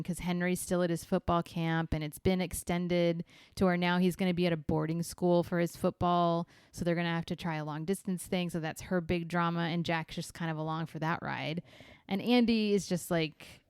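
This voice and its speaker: A woman's voice: fairly low pitch, fairly even intonation, normal speed, smooth, no room sound, studio quality. A woman co-hosting a podcast, chatting casually and laughing often. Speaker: podcast co-host. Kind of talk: casual chat.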